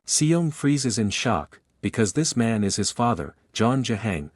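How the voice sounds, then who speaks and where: A man narrating a comic recap in a flat, steady reading voice. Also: mid-range voice, measured pace, few pauses, no room sound, clean studio sound.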